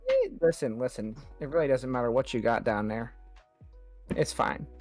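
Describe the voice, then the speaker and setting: A woman's voice: extremely low pitch, normal speed, a little mellow, soft background music. A woman chatting casually on a stream, joking and teasing the others. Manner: joking, teasing, tells jokes with quoted voices. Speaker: streamer guest.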